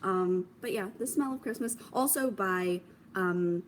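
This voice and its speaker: A woman's voice: medium pitch, unhurried. Young woman on her knitting podcast, chatty and self-amused, faint hum in the room behind her. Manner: chatty, self-amused, trails into soft asides. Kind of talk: casual show-and-tell chat to camera.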